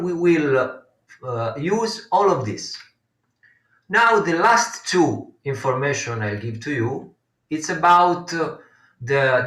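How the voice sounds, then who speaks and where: A man leads a live konnakol rhythm lesson, counting beats aloud in a slow, unhurried way. His voice has a bright edge and sits a little away from the mic in a roomy space. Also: on the high side. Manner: counting beats aloud, patient explaining with frequent fillers. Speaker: konnakol workshop teacher. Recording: roomy distant mic sound.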